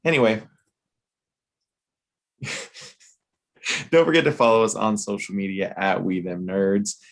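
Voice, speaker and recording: Playful lower-voiced man hosting a chat. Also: expressive. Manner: playful showman, drawn-out announcer build-ups. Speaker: co-host. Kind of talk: casual review chat.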